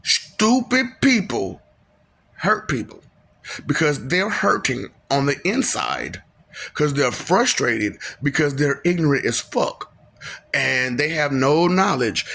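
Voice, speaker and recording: A man's voice: a little high, sing-song, slow, vocal fry, a bit bright. A man, talking in a casual rambling monologue and laughing often between lines. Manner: laughs often, breaks into sing-song bits and mocking voices.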